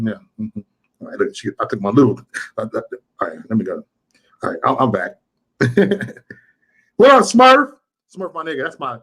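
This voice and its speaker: Dude hosting a livestream, slangy and loose, shouting out the chat one by one. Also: male voice, mid-range voice. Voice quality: loose, slangy street talk, greets chat by name. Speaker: livestream host.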